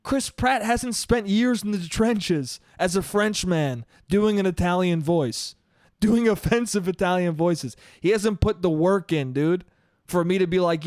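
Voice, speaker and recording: A man's voice: high-pitched, a little slow, darkish tone, no room sound, studio quality. A man hosting his own podcast, talking alone in a rambling, profane way and calling everyone "dude". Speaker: podcast host. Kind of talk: casual solo podcast monologue. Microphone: studio podcast mic.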